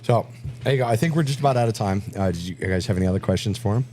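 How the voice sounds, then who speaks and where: A man co-hosting a podcast, talking in a quick, matter-of-fact way in a brewery taproom. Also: on the low side, darkish tone. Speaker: podcast co-host. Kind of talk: casual chat.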